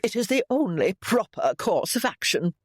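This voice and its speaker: A woman's voice: very animated, normal speed, husky, no room sound, clean studio sound. A man voicing a haughty, domineering elderly noblewoman in an audiobook, speaking in a cold, imperious way. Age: older. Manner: cold, imperious, rising to shrill shrieks. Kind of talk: audiobook character voice.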